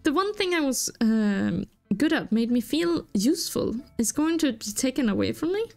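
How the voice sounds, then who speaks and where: A woman's voice: high-pitched, sing-song, normal speed, darkish tone, faint music behind. A woman reading aloud the lines of a downcast young male museum curator in a video game, in a lightly changed voice. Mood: downcast earnest. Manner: reads the dialogue box aloud.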